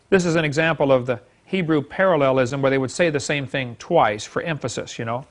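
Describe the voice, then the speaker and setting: A man's voice: medium pitch, a little fast, hardly any pauses. A man teaching a Bible class to a live audience, folksy and emphatic, chuckling as he acts out quoted speech.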